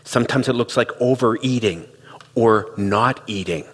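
A man's voice: medium pitch, moderate pace, a bit bright, husky, long reverb tail. A middle-aged man giving a reflective, conversational talk, telling stories and acting out quoted dialogue. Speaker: speaker on relationships.

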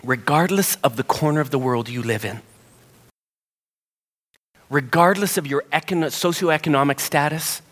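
Guy preaching a sermon story, kinda high voice, big hall echo. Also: moderate pace, long pauses. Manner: animated storyteller, rising pitch when excited. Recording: long hall reverb.

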